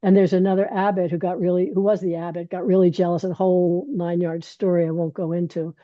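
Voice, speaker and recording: A woman meditation teacher telling stories on a panel, animated and rambling, with frequent laughter. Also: lowish voice, a little fast, dry recording, highs cut off. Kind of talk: casual storytelling on a panel.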